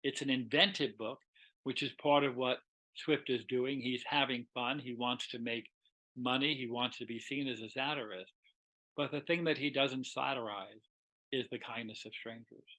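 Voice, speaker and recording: A man lecturing on literature in a relaxed, talkative way, acting out bits of dialogue as he goes. His voice is bright and has an edge. He sits at a middling pitch for a man. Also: moderate pace, rough recording. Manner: animated, conversational retelling with quoted dialogue.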